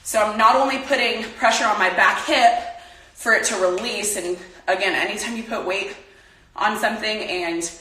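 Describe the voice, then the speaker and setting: Young woman, chatty workout coach, bright tone, far from mic. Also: mid-range voice, moderate pace. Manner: chatty, coaching, talks while exercising. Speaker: softball player leading a workout. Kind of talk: casual home workout demo. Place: home room. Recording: echoey room, mic from afar.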